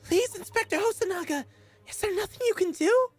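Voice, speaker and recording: A man's voice: very high voice, brisk, faint music behind, voice pushed up. A man voicing an earnest young woman assistant who pleads politely. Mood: pleading.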